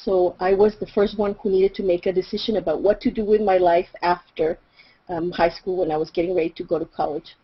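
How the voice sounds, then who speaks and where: A middle-aged woman from Mexico with a Mexican accent, whose first language is Spanish, telling a personal story in a reflective way, with fillers and soft laughs. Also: lowish voice, flat delivery, fairly quick, husky. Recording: slightly dull recording.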